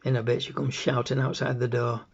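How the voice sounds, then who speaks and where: A middle-aged man, recounting in a flat, deadpan way in a scripted dramatic monologue. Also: mid-range voice, brisk, breathy edge. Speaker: actor in a monologue. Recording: dull lo-fi recording.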